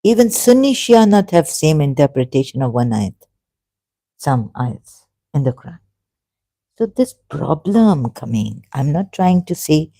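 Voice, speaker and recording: Guy, halting and earnest, dark mellow tone, dry sound. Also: fairly high pitch, dry recording. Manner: halting, many restarts and fillers, earnest and pleading. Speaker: religious video commentator. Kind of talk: emotional monologue to camera.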